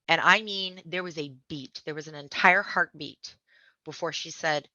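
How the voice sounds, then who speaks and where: A woman with a bright, forceful voice pitched a little low tells her story as a podcast guest, animated and acting out the people in it. The sound is dull and lo-fi. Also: moderate pace, no echo. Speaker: podcast guest, memoir author. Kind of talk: casual storytelling interview.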